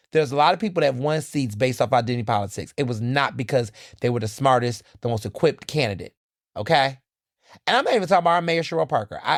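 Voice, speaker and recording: Sassy, animated male podcast host. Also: on the high side, no room sound, studio quality. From Texas. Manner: animated, sassy, conversational, addresses listeners as y'all and baby. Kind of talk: solo podcast commentary.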